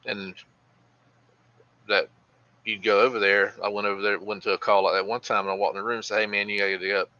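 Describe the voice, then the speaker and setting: Low, bright-edged former cop. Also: male voice, flat delivery, fast, long pauses. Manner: storytelling, blunt, mild cursing. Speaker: podcast co-host, former police officer. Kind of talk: casual chat. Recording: slightly dull, lo-fi sound.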